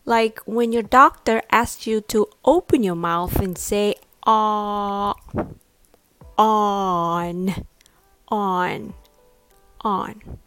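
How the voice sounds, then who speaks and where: A woman teaching English pronunciation, modelling words slowly with exaggerated stress and repeating each one. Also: medium pitch, steady tone, a bit bright, clear, resonant tone, no room sound, faint music behind. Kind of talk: slow deliberate pronunciation lesson.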